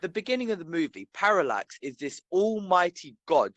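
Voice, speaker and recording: An animated young man co-hosting a casual podcast, his somewhat high voice swinging up and down as he talks. He swears freely and laughs a lot, and the recording is dry and close. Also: moderate pace, no echo, muffled recording. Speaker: podcast co-host. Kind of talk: casual chat.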